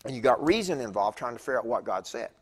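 A man's voice: medium pitch, lively intonation, fast talker. A man in his fifties giving a conversational sermon as a guest preacher in a church, chatty and digressive, with stammered restarts. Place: church sanctuary.

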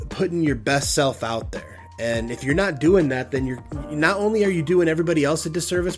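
Rambling male podcast host. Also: medium pitch. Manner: rambling, self-deprecating, heavy with fillers. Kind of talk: casual solo podcast talk.

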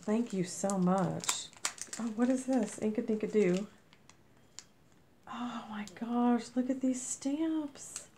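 A woman vlogger, a little under the weather, gushing as she opens mail, with a squeaky voice. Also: slow, warm tone, a little hiss or hum. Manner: gushing, effusive. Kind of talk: casual unboxing chat.

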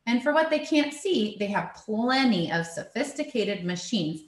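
A woman reading as a blunt, wry pregnant teacher in an audiobook story, laying down the rules in a matter-of-fact way. Her pitch moves lively through the lines, and the voice sits in a roomy, echoing space. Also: unhurried. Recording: roomy echo.

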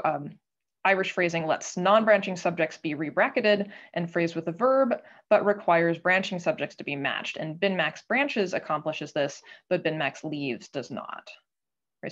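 A woman giving an academic talk at a colloquium, explaining step by step in a measured way with frequent filler pauses. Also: deep voice, muffled recording. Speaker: guest speaker at a linguistics colloquium. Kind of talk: academic lecture with slides.

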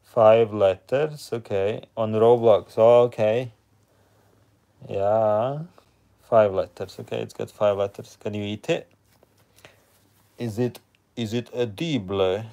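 In a relaxed, chatty live stream, a male host with a fairly low pitch takes his time speaking. He keeps things laid-back while reading viewer comments aloud.

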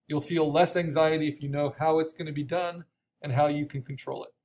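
A man teaching an online art course, explaining steps with frequent restarts and a voice gone raspy from coughing. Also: on the high side, fairly even intonation, fairly quick, a little mellow. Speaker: art instructor. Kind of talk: recorded online course lecture.

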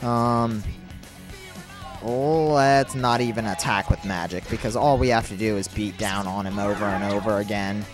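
A young man giving excitable, casual commentary over his video game, hiccuping now and then. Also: lowish voice, measured pace, music in the background. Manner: excitable, exclaiming, self-mocking. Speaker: let's play commentator.

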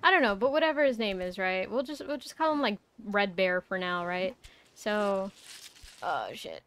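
A woman's voice: medium pitch, moderate pace, fairly bright tone, smooth. A young woman streaming a game, chatting casually, rambling and swearing with lots of fillers. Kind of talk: casual live-stream chat.

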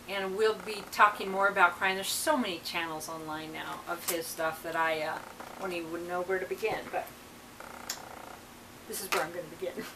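A woman reverend talking in a loose, rambling way, full of asides, then reading passages aloud. Her voice is bright and forward. She sits somewhat back from the mic, with faint noise underneath. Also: mid-range voice, recorded from a distance, low-quality recording. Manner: rambling, with many fillers and asides. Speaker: reverend reading channeled texts.

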